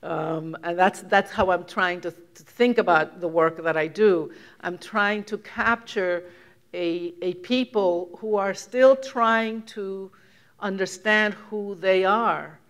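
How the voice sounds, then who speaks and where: A woman's voice: mid-range voice, slow. Puerto Rican-born older woman, reflective lecture. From Puerto Rico. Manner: reflective, laughs often, many restarts and fillers. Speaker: guest author giving a lecture. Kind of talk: conversational lecture.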